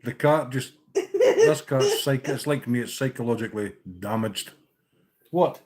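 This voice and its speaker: A woman's voice: extremely low pitch, lively intonation, a little slow, darkish tone. A young Scottish woman teasing her cat, sweary, laughing and chatty. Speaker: fly-tying streamer. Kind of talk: casual banter with a cat.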